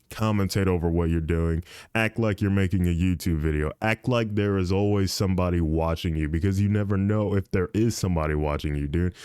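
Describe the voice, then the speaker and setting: A man's voice: sits low, darkish tone, clear, resonant tone, no echo, clean studio sound. A young man hosting a casual solo podcast, rambling and swearing, with "dude" tossed in often. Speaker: podcast host and streamer.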